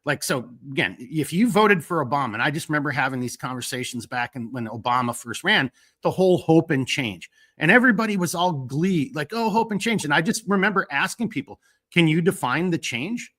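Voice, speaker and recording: A man hosting a live stream, chatting casually and rambling through fillers while reading out viewer shout-outs. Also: fairly high pitch, lively intonation, brisk. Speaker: host of a live stream talk show.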